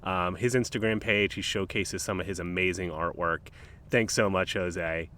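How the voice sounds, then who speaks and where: A man hosting a casual nature podcast, talking in a laid-back, rambling way with frequent ums and uhs, recorded outdoors beside calm water in a park. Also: sits low, normal speed, a little hiss or hum. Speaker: podcast host.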